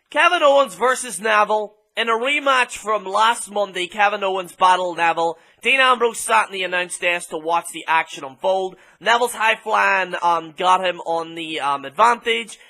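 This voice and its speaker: Bright, sweary Irish man ranting. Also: high voice. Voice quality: blunt, sweary, filler-heavy with many ums. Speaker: wrestling show reviewer. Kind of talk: casual profane rant.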